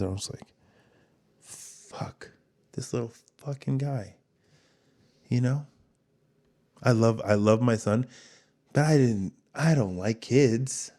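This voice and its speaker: A man hosting a casual podcast and talking in a slightly low voice. He rambles candidly and swears freely. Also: dark tone. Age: adult father of two. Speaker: podcast host.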